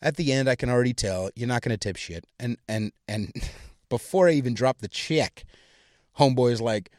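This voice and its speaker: A young man rants crudely on his own podcast, swearing constantly and getting worked up as he goes. His mid-pitched voice sits close to the mic in a dry, dead room with no echo. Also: normal speed, darkish tone. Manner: profane, ranting, heated. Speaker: podcast host. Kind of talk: crude solo comedic rant.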